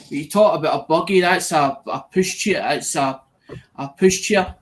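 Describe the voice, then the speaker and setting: Man, a bit high-pitched. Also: moderate pace. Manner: repeats words while explaining. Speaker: livestream guest. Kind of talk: casual chat.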